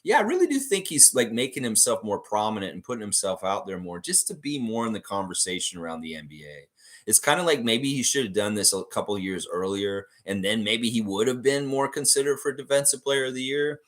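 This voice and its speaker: Rambling low-voiced Canadian man. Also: animated, fairly quick, a bit bright. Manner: rambling, many fillers and self-corrections. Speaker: podcast host. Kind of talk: casual live-stream chat, reading viewer comments.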